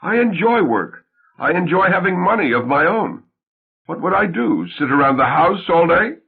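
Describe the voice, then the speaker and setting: A man voicing an emotional young wife, tender and anxious, whose voice rises with excitement, in a tinny, phone-like recording. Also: high voice, normal speed, creaky, husky, voice pushed up, full character voice. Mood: hopeful.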